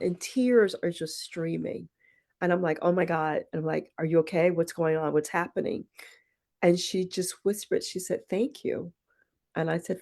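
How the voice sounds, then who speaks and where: Woman on a podcast chat, kinda low and gravelly, thoughtful, tells stories and does the quotes. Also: a little mellow. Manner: thoughtful, acts out quoted dialogue in anecdotes. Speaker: podcast guest, poet and retreat founder. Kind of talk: reflective conversational storytelling.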